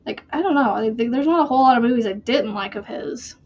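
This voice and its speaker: A woman's voice: fairly high pitch, muffled recording. A woman hosting a crochet channel, chatting casually and rambling while she works. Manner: slow, rambling, chatty with fillers.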